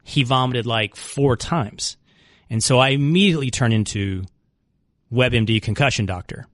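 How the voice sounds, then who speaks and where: A middle-aged man hosting a sports radio show, telling a story in a lively, rambling way full of restarts and repeats. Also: medium pitch, unhurried, no echo, clean studio sound. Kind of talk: casual talk radio monologue.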